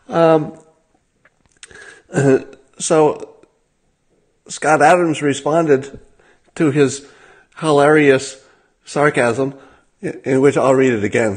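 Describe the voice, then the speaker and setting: A man hosting a livestream, talking in a casual monologue with a dry, sardonic manner and frequent halting fillers. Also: medium pitch, breathy edge. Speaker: livestream host.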